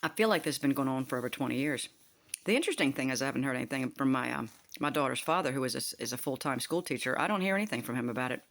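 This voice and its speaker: A woman's voice: a bass voice, animated, rapid-fire, a bit bright. Profane ranting older woman. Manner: profane, heated, rambling. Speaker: vlogger. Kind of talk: ranting monologue to camera.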